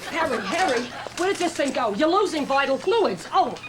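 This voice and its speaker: A woman's voice: sits high, big pitch swings, normal speed, over a noisy crowd, very noisy, voice pushed up. A woman playing a panicky, complaining older Jewish wife at a hospital bedside in a comedy sketch. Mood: frantic. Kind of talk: sitcom sketch with studio audience.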